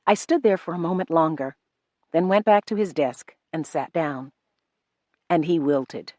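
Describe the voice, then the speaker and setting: A woman reading a novel aloud in first person, measured and restrained. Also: sits low, darkish tone, no room sound, studio quality. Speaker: audiobook narrator. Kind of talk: first-person audiobook narration.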